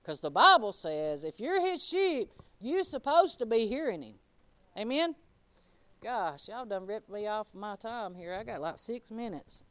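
A woman preaching an informal sermon and giving her testimony. She talks straight to the crowd and swings between soft, quiet asides and loud, emphatic lines. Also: medium pitch, big pitch swings, unhurried, no echo. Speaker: speaker giving a testimony and teaching.

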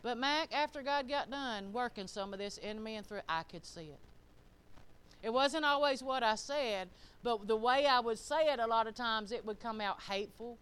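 Folksy woman preaching, clear voice. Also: a little high, normal speed, fairly bright tone. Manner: folksy, talks straight to the listeners, asks them questions. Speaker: church speaker. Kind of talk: informal sermon to a congregation.

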